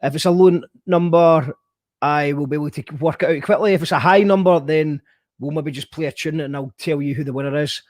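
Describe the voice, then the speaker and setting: High-voiced man, chatty host. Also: brisk, a little mellow, dry recording, clean studio sound. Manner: rambling, jokey, thinks aloud. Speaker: podcast host. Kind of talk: casual chat.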